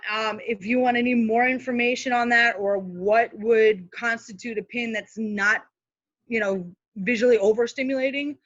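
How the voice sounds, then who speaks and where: A woman's voice: on the high side, a bit bright, no echo, muffled recording. A woman speaking as a guest social media manager, giving casual, practical tips on a live video call with many fillers and asides.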